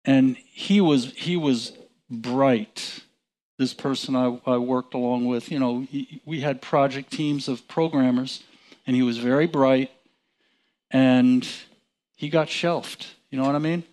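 A man teaching from the Bible in a relaxed, conversational way, chuckling and restarting his sentences. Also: mid-range voice, slow. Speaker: preacher.

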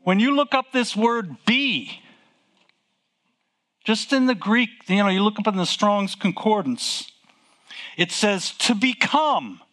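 A man preaching a sermon, asking rhetorical questions, repeating phrases and exclaiming with excitement. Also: high voice, slow pace, pauses often. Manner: asks rhetorical questions to the listeners.

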